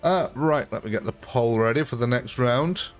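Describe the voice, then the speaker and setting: A man's voice: medium pitch, normal speed, soft background music. A man hosting a gaming livestream, chatting casually with viewers and chuckling often. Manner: chatty, chuckling, answers chat. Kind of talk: casual live-stream chat.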